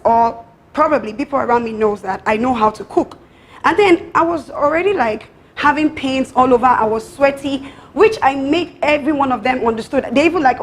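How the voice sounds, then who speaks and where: A woman's voice: high-pitched, a little hiss or hum. A young Nigerian woman, a pageant contestant, defensively retelling a kitchen dispute in a reality show confessional. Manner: defensive, animated retelling with quoted exchanges.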